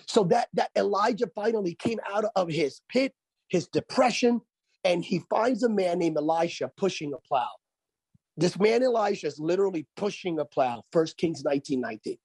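A man's voice: high-pitched, lively intonation, normal speed, a little mellow, breathy edge, dry recording. A man who is a pastor and author, speaking as a radio interview guest in an emphatic preaching cadence and repeating phrases for effect.

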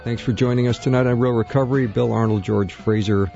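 A man's voice: medium pitch, steady tone, quick pace, creaky, mellow, dull audio, soft background music. A man co-hosting a recovery talk radio show in a chatty, self-deprecating way.

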